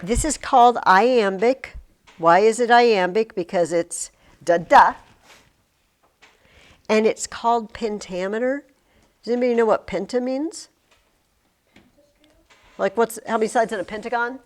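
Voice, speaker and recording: A middle-aged woman teaching a classroom, chanting rhythms aloud in a chatty, animated way. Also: on the high side, a little slow, long pauses.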